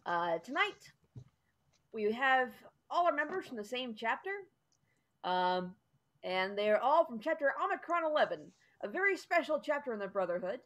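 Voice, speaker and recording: A woman's voice: a little high, very animated, moderate pace, fairly bright tone. A woman running a tabletop game as game master, explaining the rules in a chatty way with lots of ums.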